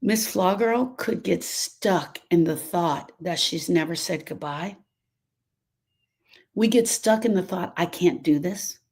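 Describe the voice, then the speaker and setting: Taking her time, a woman with a lowish, dark voice and a breathy edge coaches on grief over a live stream, calling viewers by name. She repeats herself for emphasis and keeps veering into side topics.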